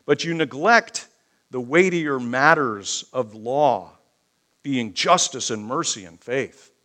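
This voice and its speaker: A man preaching a sermon, thundering scripture and then softening into personal asides. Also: animated, takes it slowly. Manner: booming scripture reading, softening into emotional asides. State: choked up.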